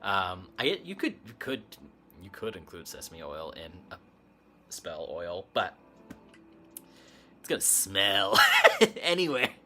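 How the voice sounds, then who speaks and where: A man's voice: sits low, very animated, slow, long pauses, bright, forceful tone, a little hiss or hum. A man hosting a casual livestream chat, telling a story in a rambling way, laughing often and using plenty of fillers. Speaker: livestream host.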